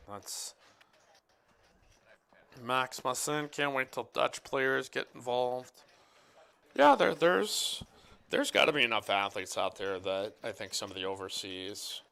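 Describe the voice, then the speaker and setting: A man calls the action at a poker final table, his slightly low voice bright and cleanly crisp. He drifts into football chatter and reads out viewer messages, keeping things loose and joking. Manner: rambling, joking, reads viewer chat aloud. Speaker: poker commentator. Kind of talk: live poker commentary with casual chat. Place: card room commentary booth.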